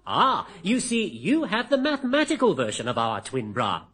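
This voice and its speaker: A man voicing a smug bra-shop owner who answers with glib, deadpan comebacks. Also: high voice, normal speed, slightly rough, exaggerated voice.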